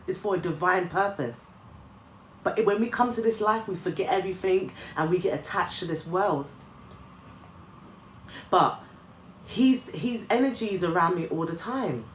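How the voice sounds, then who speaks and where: A woman vlogger giving an earnest motivational talk to her viewers, often restarting her sentences with ums. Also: lowish voice. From Nigeria. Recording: echoey room, faint ambient noise.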